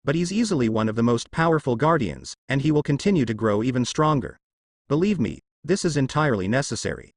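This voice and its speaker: A man voicing a calm, scheming male ninja who speaks with composed assurance in a fan-fiction audio story. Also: medium pitch, fast, dry recording, studio quality, lightly acted.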